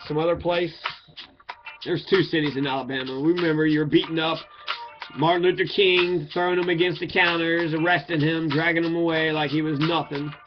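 A man with a somewhat high voice rants about politics, swearing freely and calling out his target by name. The recording is dull and lo-fi, and music plays clearly underneath him. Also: little pitch movement, brisk. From Kentucky. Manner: profane, ranting, addresses his target directly. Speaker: political commentator. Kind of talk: angry political rant.

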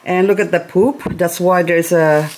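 A middle-aged woman chatting casually at home in a soft, slow way, now and then baby-talking to her pet bird. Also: fairly low pitch, fairly even intonation, slight background noise. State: grieving, recently teary. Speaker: gardening vlogger. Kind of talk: casual chat to camera. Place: home, indoors.

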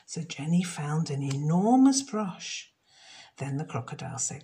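A woman reading a children's story aloud, slow and expressive. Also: sits low.

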